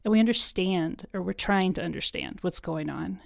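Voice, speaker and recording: Low-voiced earnest woman guest. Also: moderate pace, creaky, no room sound, clean studio sound. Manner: earnest, emotional at times, laughs. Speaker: podcast guest. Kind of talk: conversational interview.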